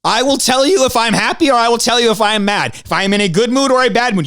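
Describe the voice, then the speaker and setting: A man's voice: very high voice, fast talker, few pauses, fairly bright tone, clean tone, no room sound, clean studio sound. A man hosting a podcast, talking casually on his own, ranting and swearing, his voice jumping up when he gets worked up. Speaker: podcast host. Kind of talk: casual solo podcast monologue.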